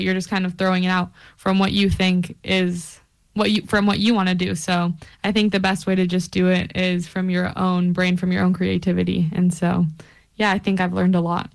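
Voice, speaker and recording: A woman's voice: fairly low pitch, monotone, normal speed, creaky. A young woman, a radio intern, reflecting on her work in a casual interview.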